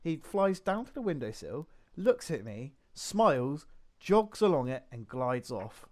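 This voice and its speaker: A man's voice: fairly high pitch, very animated, a little slow, darkish tone. A young man, a podcast co-host, telling rambling anecdotes in casual chat with lots of swearing.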